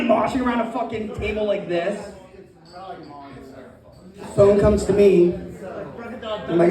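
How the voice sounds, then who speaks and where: High-voiced man doing stand-up. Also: moderate pace, pauses often, music in the background. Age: 30s. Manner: profane, animated storytelling with acted-out voices. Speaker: stand-up comedian. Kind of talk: stand-up comedy set. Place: comedy club open mic. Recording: echoey room, distant mic, loud audience. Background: audience laughter.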